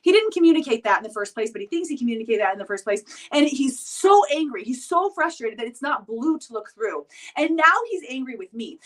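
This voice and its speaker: A woman with a high, light voice talks casually to her viewers, chatty and loose, forever tagging her points with "right?". She sounds a little distant from the microphone, as if she sits back from the camera. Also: expressive, brisk, few pauses. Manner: chatty, filler-heavy, often asks "right?". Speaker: vlogger. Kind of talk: casual motivational talk to camera. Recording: voice picked up from a distance.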